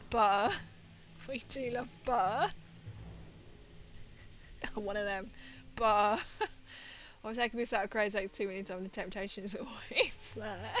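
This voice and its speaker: A woman streamer chats away while she plays, rambling from one thought to the next and laughing often. Her voice sits at an ordinary middle pitch, and a faint background hiss runs under the recording. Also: fairly bright tone, dull audio. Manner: chatty and rambling, laughs often, reads out viewer comments. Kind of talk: casual livestream chat while gaming.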